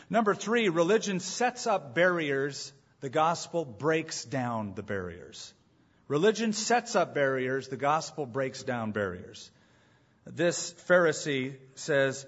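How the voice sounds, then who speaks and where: A man's voice: a little high, animated, a little slow, breathy edge. A man preaching a sermon as pastor, emphatic, repeating his main points and asking rhetorical questions, on a dull lo-fi recording.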